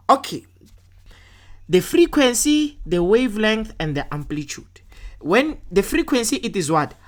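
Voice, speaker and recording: Casting note: woman, very low voice, patient science tutor walking through test answers, keeps asking "right?". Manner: checks in often with "right?"; talks through worked answers step by step.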